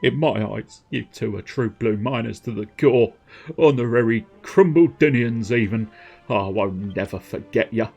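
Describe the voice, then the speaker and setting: A man's voice: on the low side, moderate pace, vocal fry, a little mellow, slightly rough, highs cut off, soft background music. A man doing a fond spoken game miner. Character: sentimental male miner companion.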